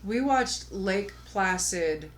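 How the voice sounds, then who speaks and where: A woman's voice: mid-range voice, expressive, extremely slow. A woman co-hosting a casual podcast chat, making dry, sarcastic remarks. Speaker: podcast co-host.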